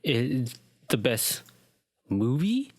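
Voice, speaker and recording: A man's voice: medium pitch, very animated, extremely slow, darkish tone, dry recording. A young man co-hosting a podcast, chatting casually and rambling with lots of ums and restarts. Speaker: podcast co-host. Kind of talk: casual chat.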